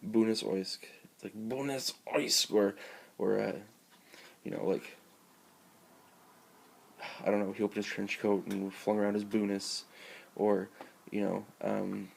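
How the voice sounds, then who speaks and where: A man's voice: on the low side, monotone, measured pace, vocal fry, pauses often, a little mellow, slight background noise. A man filming himself at home with a handheld camera, ranting in an exasperated, sarcastic, profane way during an unboxing. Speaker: vlogger. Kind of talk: rambling unboxing rant.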